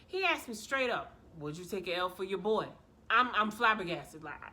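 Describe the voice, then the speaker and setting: A woman vlogger telling a story in a casual, animated way, full of slang and sass. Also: medium pitch, normal speed, background noise.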